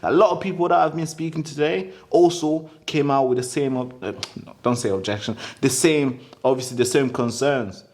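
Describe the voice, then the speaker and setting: A man's voice: medium pitch, brisk, few pauses, darkish tone. A young man, a sales company owner, chatting casually and animatedly about door-to-door selling, swearing freely and calling the listener "bro". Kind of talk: casual podcast chat.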